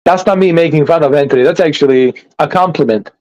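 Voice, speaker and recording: A man's voice: on the high side, quick pace, a little mellow, lo-fi sound. A man hosting a casual podcast, joking and bantering with a boastful, playful manner. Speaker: podcast host. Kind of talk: casual chat.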